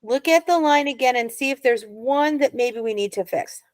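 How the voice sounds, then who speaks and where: A woman's voice: sits high, moderate pace, no echo. A woman teaching an adult Hebrew reading class, patient and encouraging, explaining step by step.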